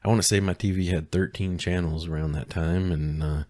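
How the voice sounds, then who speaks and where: A man's voice: low-pitched, fairly even intonation, a little fast, a little mellow, dry recording, studio quality. A middle-aged man co-hosting a podcast in casual chat, hesitant and full of restarts and fillers. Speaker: podcast co-host.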